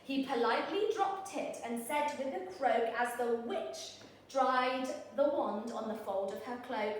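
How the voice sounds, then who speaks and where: A woman teacher reading a picture book aloud in a lively, expressive, sing-song way. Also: high voice, a little slow, recorded from a distance, a little hiss or hum. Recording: very echoey room, voice off-mic.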